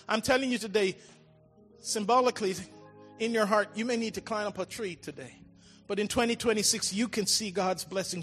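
A man preaching a sermon, swinging between loud calls and hushed, drawn-out lines. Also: sits high. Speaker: pastor. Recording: large reverberant hall with faint music.

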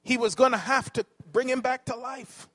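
A man's voice: very high voice, steady tone, normal speed, pushed and bright. A man preaching a sermon, asking the congregation questions and correcting himself as he teaches.

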